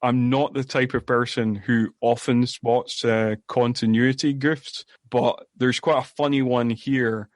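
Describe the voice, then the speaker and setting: Man, podcast co-host, casual film recap, rambling with fillers, medium pitch, dry sound. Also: no room sound. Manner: rambling, many fillers and restarts. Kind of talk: casual movie-recap chat. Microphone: podcast microphone.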